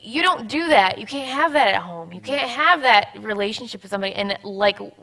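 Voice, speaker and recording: A young woman in casual church chat, talking in halting, rambling bursts with frequent laughs. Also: on the high side, animated, pushed and bright. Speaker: church member guest.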